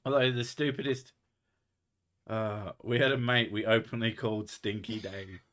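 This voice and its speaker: A man with a bright, forceful voice, hosting a relaxed podcast chat. He tells stories with lots of swearing and animated asides, and his tone stays loose and conversational. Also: on the low side, normal speed. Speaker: podcast host. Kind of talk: casual chat.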